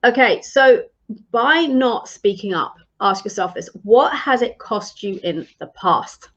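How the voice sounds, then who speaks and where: A woman's voice: fairly high pitch, lively intonation, measured pace, fairly bright tone, lo-fi sound. A woman leadership coach giving advice in a live-streamed talk, earnest and encouraging, with frequent ums and restarts.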